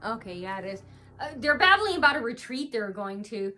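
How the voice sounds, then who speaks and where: A woman's voice: on the high side, very animated, brisk, sharp tone. A woman vlogger telling a story in a casual, rambling monologue, full of ums and restarts, recorded indoors at home.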